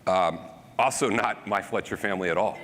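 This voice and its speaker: A man's voice: low-pitched, a little fast, a little hiss or hum. Man telling stories in a hall. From rural American South. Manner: animated, self-deprecating humor. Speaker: county supervisor giving a talk. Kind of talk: storytelling keynote talk. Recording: reverberant hall.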